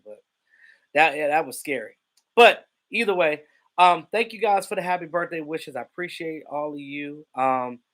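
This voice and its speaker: Animated man chatting on a livestream. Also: fairly high pitch. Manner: animated storyteller, greets viewers from chat. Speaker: livestream host. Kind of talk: casual livestream chat.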